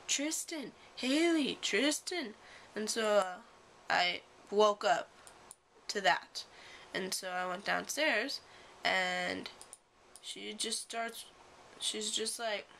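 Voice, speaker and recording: A woman's voice: mid-range voice, vocal fry, pushed and bright, slight background noise. A young woman vlogging casually at home, telling a story in a chatty way with lots of fillers. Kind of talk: casual vlog chat. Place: at home indoors.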